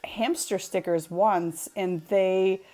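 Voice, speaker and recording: A woman with a mid-range voice hosts a casual craft livestream. She talks in a chatty, animated way, peppered with "like.". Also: medium pitch, takes it slowly. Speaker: craft show host.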